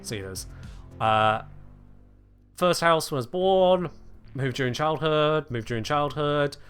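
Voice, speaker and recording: A man's voice: on the high side, takes it slowly, fairly bright tone, clear, resonant tone, soft background music. A British man chatting casually with his viewers on a game live stream, answering chat with wry humor. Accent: British English. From United Kingdom.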